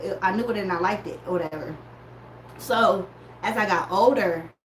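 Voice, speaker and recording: A woman in casual chat, telling an animated story and calling her listeners y'all. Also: mid-range voice. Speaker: podcaster reviewing a music battle. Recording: echoey room with faint background noise.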